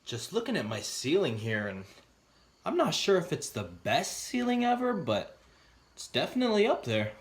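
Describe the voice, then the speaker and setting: A man telling quick one-liner jokes and puns in a comedy video, often laughing at his own jokes. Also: fairly high pitch, wildly swooping pitch. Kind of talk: joke-telling compilation.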